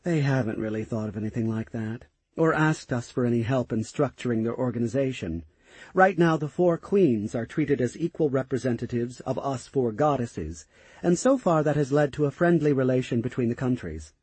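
A drowsy goddess in a storybook, tired and unhurried, with a dark, husky tone, as a male narrator puts her on. She talks slowly and sleepily, in a dry, close recording. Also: medium pitch, no room sound, close to an everyday voice. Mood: sleepy.

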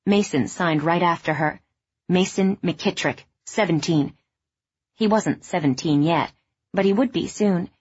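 A woman narrating a novel in a measured, even storytelling voice. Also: on the low side, husky, dry recording. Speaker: audiobook narrator. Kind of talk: scripted narration. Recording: dull, dry studio sound.

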